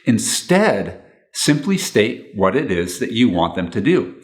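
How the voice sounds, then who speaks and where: A man's voice: fairly low pitch, sing-song, a little slow. A man giving relationship advice to camera in an earnest, instructional way, repeating his key points.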